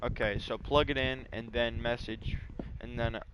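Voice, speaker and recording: A man's voice: mid-range voice, steady tone, measured pace, noisy background. A man chatting casually over gameplay, telling a rambling story with lots of fillers. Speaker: gaming YouTuber.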